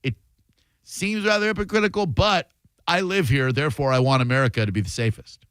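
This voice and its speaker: Radio host guy chatting casually, slightly high voice, dry close studio mic. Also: steady tone, a little fast, fairly bright tone, clear, resonant tone, no room sound. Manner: casual and conversational, thinks aloud. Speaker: radio talk show host. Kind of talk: call-in radio talk. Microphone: studio microphone.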